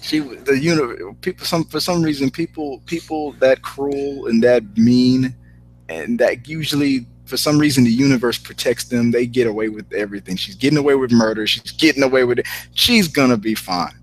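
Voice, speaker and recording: A man's voice: medium pitch, normal speed, rough recording. Rambling man, casual film chat. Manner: rambling, repeats words when starting sentences. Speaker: movie reviewer.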